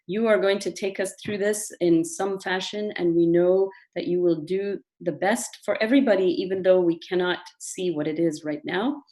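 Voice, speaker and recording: A woman's voice: on the low side, steady tone, moderate pace, few pauses, dark tone. Earnest woman giving a devotional talk. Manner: earnest, thoughtful, with many fillers. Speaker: guest speaker, physician. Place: virtual online program.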